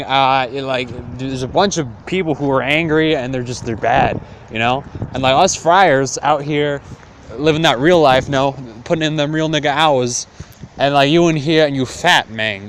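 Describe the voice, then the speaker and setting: A man's voice: a little high, a bit bright, a little hiss or hum. A man voicing a smug, hypocritical friar who talks in brash, profane street slang.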